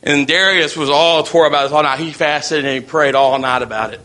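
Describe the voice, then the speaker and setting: A man's voice: a little high, fairly quick, sharp tone. A man preaching a sermon in a folksy, storytelling way.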